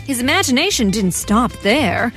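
A woman narrating a children's story in an expressive storytelling manner. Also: a little high, normal speed, faint music behind.

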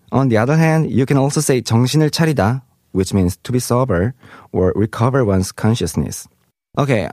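A man's voice: medium pitch, darkish tone, no room sound, studio quality. A man teaching Korean vocabulary in English. He reads example sentences aloud and translates each one. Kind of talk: explaining vocabulary.

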